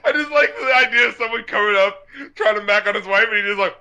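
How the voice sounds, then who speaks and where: A man's voice: very high-pitched, moderate pace, bright, forceful tone. A man co-hosting a casual podcast chat, laughing often and acting out scenes he remembers. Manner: laughs often, quotes lyrics and scenes in goofy voices. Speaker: podcast co-host.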